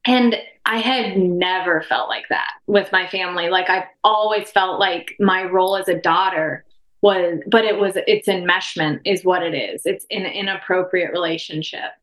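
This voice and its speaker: A woman's voice: lowish voice, fairly even intonation, normal speed, a bit bright. Candid woman in an echoey room. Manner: emotional, rambling, many restarts and fillers. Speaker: podcast guest. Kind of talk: candid personal conversation.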